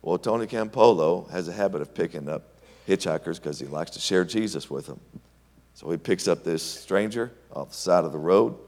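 Deep-voiced male preacher in a reverberant hall. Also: normal speed. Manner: animated storytelling, swings between loud and hushed. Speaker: pastor. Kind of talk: sermon.

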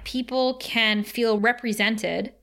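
A woman's voice: a little high, steady tone, takes it slowly, gravelly, a bit bright. A woman co-hosting a casual podcast, chatting as an enthusiastic fan and laughing often. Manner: giggly, enthusiastic fan talk. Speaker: podcast co-host.

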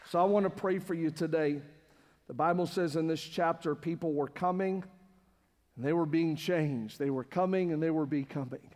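Guy pastor preaching, high-ish voice, gets loud and fired up, big echoey church, quiet music under it. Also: normal speed, some chatter behind. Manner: impassioned, repetitive preaching that builds to near-shouting. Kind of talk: sermon. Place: church sanctuary with live congregation. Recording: long hall reverb with faint music.

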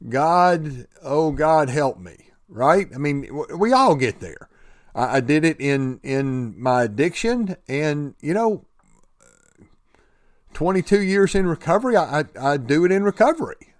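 A man's voice: a little high, big pitch swings, measured pace, no echo, clean studio sound. Earnest man telling a faith story. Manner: earnest, repeats words and restarts often. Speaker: speaker sharing faith and recovery. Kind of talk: motivational talk with storytelling.

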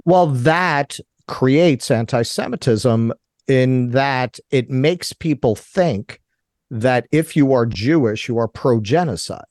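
A man's voice: mid-range voice, expressive, takes it slowly, a little mellow, dry recording, studio quality. A man from Brooklyn, a guest on a political radio show, speaking in an impassioned, indignant way. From Brooklyn, New York. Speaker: guest commentator. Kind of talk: political talk radio interview.

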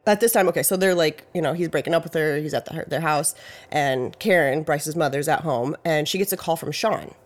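A casual true-crime podcast host talks in a loose, rambling way. Details get hedged with "I think" and "I believe", and the talk is full of "like" and "you know". The pitch sits in a middle range. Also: brisk.

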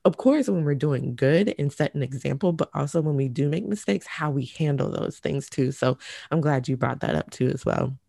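Gravelly-voiced mother chatting. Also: sits low, animated, normal speed, dark tone, no room sound, clean studio sound. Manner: chatty, acts out quotes from her children. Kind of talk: casual chat.

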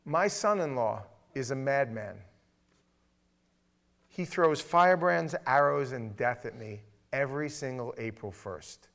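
A man's voice: mid-range voice, normal speed, creaky, few pauses. A middle-aged man preaching a sermon, telling stories and acting out the voices of the people in them. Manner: animated, acts out quoted voices. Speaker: pastor.

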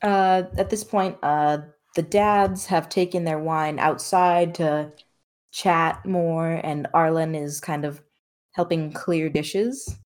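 A woman narrating a tabletop game as game master, in a relaxed, casual way. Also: sits low, slow pace.

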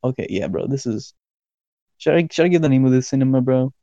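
A man's voice: mid-range voice, lively intonation, fast, mellow, no room sound, muffled recording. A young man casually telling a story on a podcast, rambling and swearing a lot. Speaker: podcast co-host.

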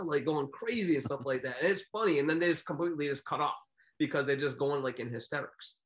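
A man co-hosting a podcast, telling stories in a casual, rambling, animated way. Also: on the high side, fast talker. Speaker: podcast co-host. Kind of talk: casual chat.

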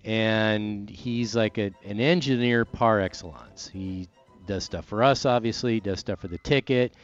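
A man, a sports radio host chatting casually and doing live reads in a rambling, animated way. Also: lowish voice, measured pace, highs cut off, soft background music.

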